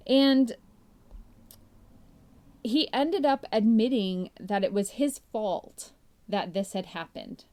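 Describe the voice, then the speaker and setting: A woman hosting a podcast, retelling a Bible story in a chatty, animated way, full of "like" fillers. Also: mid-range voice. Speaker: podcast host.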